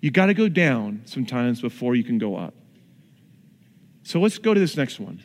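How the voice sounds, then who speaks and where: A man's voice: mid-range voice, very animated, moderate pace. A male pastor preaching a conversational sermon with acted-out asides in a church. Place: church sanctuary. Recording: long reverb in a large hall.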